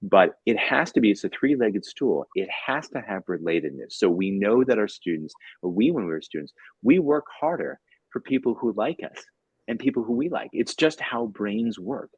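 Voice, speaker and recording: A man in his fifties speaks as a podcast guest with a lowish, husky voice. His pitch swings widely as he tells stories and acts out bits of dialogue. The sound is dry and close, with no room around it. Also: normal speed, no echo, rough recording. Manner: animated storyteller, acts out dialogue, repeats words. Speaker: guest, tutor and author. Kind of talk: casual podcast storytelling.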